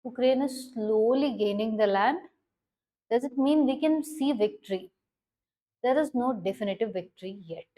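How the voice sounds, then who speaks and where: A woman's voice: a little high, normal speed, warm tone, poor audio. A woman explaining current affairs as a teacher, stressing key words and often checking if listeners follow.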